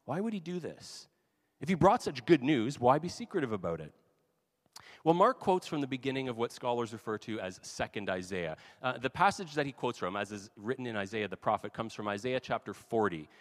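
A man's voice: mid-range voice, very animated, a little fast. A man preaching a sermon as pastor, talking in a casual, conversational way with asides. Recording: long hall reverb.

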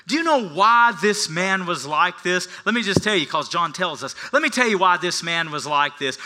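Guy preaching, high bright voice, goes quiet then gets loud and fired up. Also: normal speed, few pauses. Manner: animated preaching, swinging from hushed to emphatic; acts out the beggar's lines with a raised voice. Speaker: pastor. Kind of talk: sermon.

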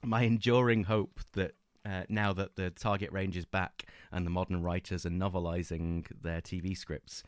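A low-pitched man co-hosting a podcast, talking eagerly and rambling, full of ums and false starts. His voice is close and dry. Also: little pitch movement, normal speed, few pauses, clean tone, dry recording. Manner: enthusiastic, rambling with many fillers and restarts. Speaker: podcast co-host. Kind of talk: casual book-club chat.

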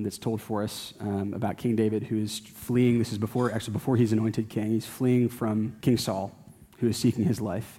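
A man delivering a sermon in a church, his voice low, husky and mellow. He exhorts his congregation earnestly in a fairly flat, steady line. The sound rings with a long hall reverb. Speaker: pastor. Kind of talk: sermon with closing prayer.

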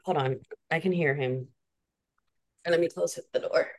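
A woman's voice: deep voice, moderate pace. A woman co-hosting a podcast in casual chat, teasing and coaching her partner. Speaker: podcast co-host.

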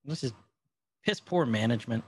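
A man's voice: medium pitch, lively intonation, moderate pace, darkish tone, breathy edge. A man co-hosting a podcast, casually recapping an episode and joking around. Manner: joking, playful retelling with quoted voices. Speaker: podcast co-host.

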